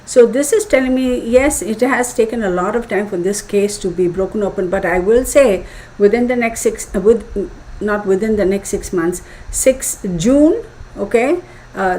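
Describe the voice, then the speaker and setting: A woman's voice: mid-range voice, moderate pace, mellow, rough recording. Hesitant woman tarot reader thinking aloud. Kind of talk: live tarot reading talk.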